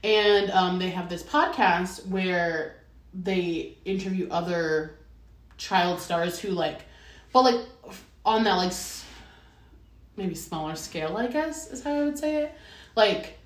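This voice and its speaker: A woman co-hosting a casual chat, animated and swearing often, with lots of "like" fillers. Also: fairly low pitch, slow. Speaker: podcast co-host. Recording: roomy echo, a bit far from the mic.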